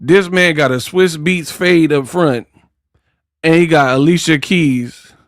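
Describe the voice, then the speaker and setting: A man's voice: a little high, takes it slowly, no echo, studio quality. A man hosting casual boxing commentary, trash-talking and joking. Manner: trash-talking, joking, breaks into song and mock accents.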